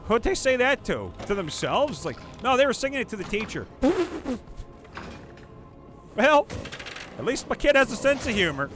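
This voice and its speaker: Crude, lively man streaming a game. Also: high-pitched, measured pace, pauses often. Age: adult, not young. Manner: crude, profane, joking rants. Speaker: streamer and voice actor playing a game. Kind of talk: casual live-stream chat. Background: game music.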